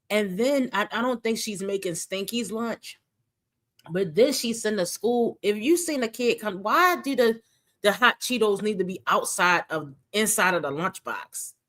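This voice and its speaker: A woman's voice: mid-range voice, fairly bright tone. Sassy woman streamer reacting to a video. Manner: sassy, rhetorical questions, talks to chat. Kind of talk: casual reaction commentary.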